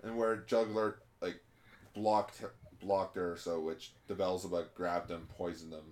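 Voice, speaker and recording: A man's voice: deep voice, flat delivery, measured pace, a little mellow. A man in a casual podcast chat, laid back and filling in plot details for his friends. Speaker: podcast co-host.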